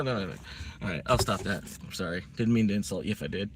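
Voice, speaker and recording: A man's voice: fairly low pitch, quick pace, slight background noise. A man chatting casually on a live stream, rambling in a laid-back way.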